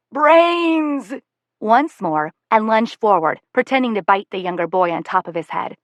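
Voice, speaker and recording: A female audiobook narrator with a medium-pitched voice reads a first-person novel in a wry, self-aware, conversational way. The sound is dry and close.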